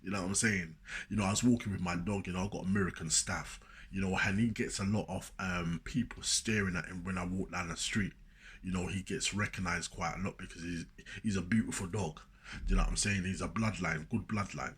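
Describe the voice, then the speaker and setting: A man's voice: sits low, fairly even intonation, fairly quick, a bit bright, husky. A man talking casually and preachily to camera, rambling and often repeating himself. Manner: rambling, repeats "you know what I'm saying"; preachy, emphatic. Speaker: motivational speaker. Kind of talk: casual spoken monologue.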